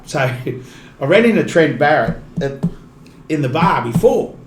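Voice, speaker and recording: A man's voice: on the high side, animated, measured pace. An Australian man, a rugby league commentator, telling stories in a casual podcast chat and laughing often. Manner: chatty, laughs often mid-story. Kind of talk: casual storytelling. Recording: echoey room, faint noise.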